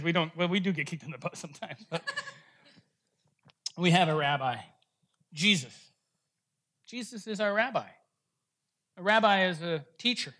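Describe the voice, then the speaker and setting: Male pastor, high bright voice, playful storyteller in the pulpit, earnest when teaching. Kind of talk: sermon with a told joke.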